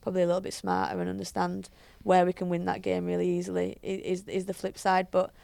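A woman talking casually as a guest, full of fillers and restarts. Her mid-pitched voice has a gravelly edge. The sound is close and dry. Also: completely flat delivery, fast talker, mellow, dry recording. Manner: chatty storyteller, frequent fillers and restarts. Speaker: head coach, podcast guest. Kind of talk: casual interview chat.

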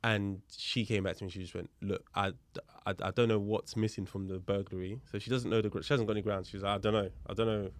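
A man's voice: on the low side, quick pace, hardly any pauses, dry recording. A man, a police officer, telling a story as a podcast guest, acting out both sides of a dialogue and explaining the legal points. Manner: lively retelling that acts out both sides of a dialogue. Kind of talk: casual storytelling in conversation.

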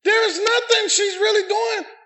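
Fiery high-voiced preacher. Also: male voice, fairly even intonation, moderate pace. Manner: impassioned shouted preaching with call-and-response. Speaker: pastor. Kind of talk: sermon. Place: church sanctuary. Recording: echoey church room.

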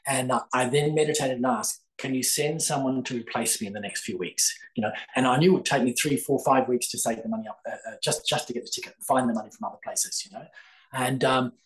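On poor audio, an older man from Australia talks fast in a steady, mid-range voice. He is a psychic author and podcast guest, telling a long story riddled with fillers and restarts.

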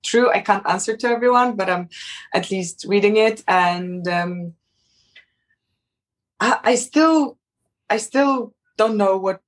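A woman's voice: mid-range voice, takes it slowly, pauses often. Hesitant woman with a Polish accent. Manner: hesitant, many restarts and fillers, laughs often. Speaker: interview guest, model. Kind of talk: casual interview chat.

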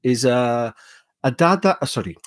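A man's voice: medium pitch, lively intonation, moderate pace, dry recording, studio quality. A British man from the UK, a podcast guest, chatting casually and hesitantly, searching for his words. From United Kingdom. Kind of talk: casual chat.

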